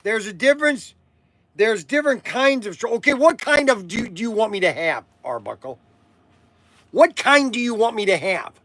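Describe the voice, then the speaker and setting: A man's voice: sits high, big pitch swings, moderate pace, fairly bright tone, no room sound. An older man hosting a live chat from his shop, rambling and interrupting himself with chuckles. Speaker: shop owner and show host.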